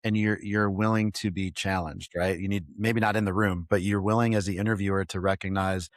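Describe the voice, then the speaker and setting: A man's voice: low-pitched, fairly even intonation, brisk, no echo, clean studio sound. A man hosting a podcast interview, asking long, thoughtful questions with frequent restarts. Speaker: podcast host.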